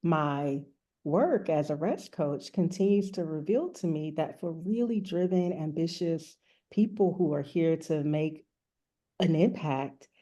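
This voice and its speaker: A woman's voice: deep voice, unhurried, warm tone. A woman who works as a rest coach and author, frankly and earnestly telling a personal story as an interview guest.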